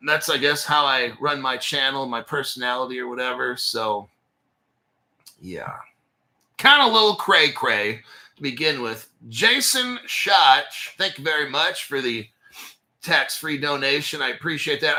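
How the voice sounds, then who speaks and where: A man's voice: mid-range voice, lively intonation, a little slow, bright, forceful tone. A man in his forties hosting a crypto channel, telling a long rambling story in a casual way, with a lot of swearing and laughter. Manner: profane, rambling, laughs between phrases.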